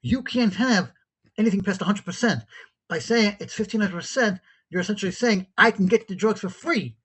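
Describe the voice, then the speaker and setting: A man from New York with a New York accent, hosting an opinionated podcast monologue, animated and incredulous as he acts out both sides of an argument. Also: high voice, a little fast, husky. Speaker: podcast host. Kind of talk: opinionated monologue, retelling a call-in exchange.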